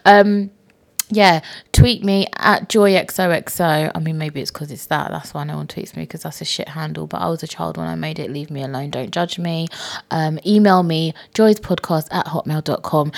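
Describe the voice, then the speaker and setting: A woman's voice: deep voice, steady tone, normal speed, vocal fry. A young woman hosting her own podcast, chatting casually with playful self-mocking asides and frequent swearing. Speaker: podcast host. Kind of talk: casual solo podcast chat.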